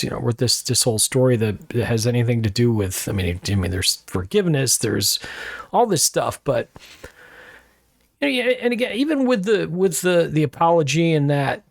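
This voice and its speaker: A man's voice: a little high, no echo. A middle-aged man hosting a podcast, telling a personal story in a rambling, reflective way that keeps correcting itself. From Rochester, New York area. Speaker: podcast host.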